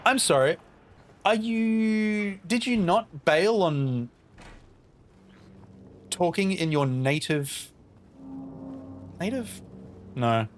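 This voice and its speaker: Playing a game on a casual live stream, a man reads and replies to viewers' messages and mutters playfully to himself. He speaks in a high, animated voice, extremely slowly, leaving long pauses, with slight background noise.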